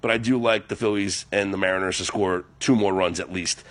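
A man hosting a live sports betting radio show, chatty and animated with self-mocking asides. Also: low-pitched, fairly quick. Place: radio studio.

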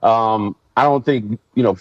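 This interview guest, a former NFL player, shares stories casually but with animation, raising his voice to act out what other people said. He speaks at a measured pace in a lowish voice, and the recording sounds dry, dull, and lo-fi.

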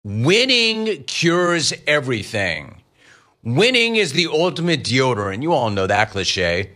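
A middle-aged man hosting a sports talk radio show, riffing lively on callers and the news. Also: medium pitch, measured pace. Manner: lively, riffing, mock-quoting callers and family.

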